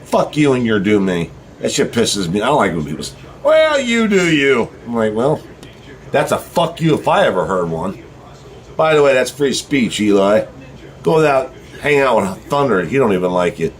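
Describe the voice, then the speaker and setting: A man's voice: on the low side, lively intonation, moderate pace. Give me a middle-aged man with a drawl, ranting bluntly and swearing freely. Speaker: vlogger. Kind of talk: profane ranting monologue.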